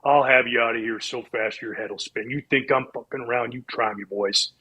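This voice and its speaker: A man's voice: medium pitch, fairly even intonation, normal speed, bright, forceful tone, husky, pitched below the performer's own voice. A man imitating a furious older baseball manager who berates his players in a profane tirade.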